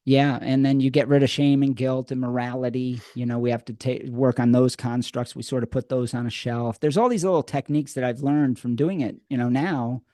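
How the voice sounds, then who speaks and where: A man telling his story as a podcast guest in a lively, conversational way. He restarts and repeats words and acts out quotes from the past. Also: mid-range voice, brisk, hardly any pauses, dry recording. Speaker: podcast guest, addiction program co-creator.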